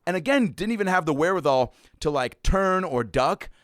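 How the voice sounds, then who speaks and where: Male comedian guest, lively storyteller, acts out the quotes, dry close mic. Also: a little fast, no room sound. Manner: animated storyteller, acts out quotes with big pitch jumps. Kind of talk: casual storytelling chat.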